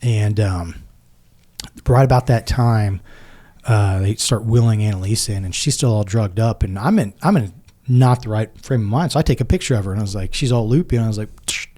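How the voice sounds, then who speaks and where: Mellow low-voiced man telling a story. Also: a little fast. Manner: retells events by acting out both sides of conversations. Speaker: podcast guest, military veteran. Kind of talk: personal storytelling in a podcast interview.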